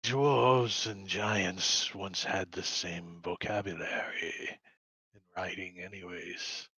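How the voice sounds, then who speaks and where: A man voicing a serious male adventurer who reads out an old inscription in a grave, measured way. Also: low voice, steady tone, bright, forceful tone, slightly rough, no echo, voice pushed down, full character voice.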